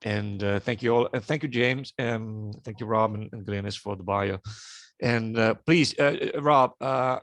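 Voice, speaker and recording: A man's voice: on the low side, moderate pace, a bit bright, no echo. A man with an Italian accent, talking in a casual online meeting, hesitant with many fillers and restarts. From Italy.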